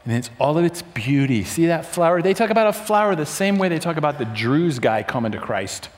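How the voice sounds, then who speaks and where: A man preaching a sermon in a lively, conversational way, often acting out voices in quotes. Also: medium pitch, brisk, big-room sound. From United States.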